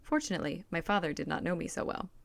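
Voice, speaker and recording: Gravelly low-voiced woman reading a novel. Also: fast talker, no room sound. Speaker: audiobook reader. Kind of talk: first-person novel narration read aloud.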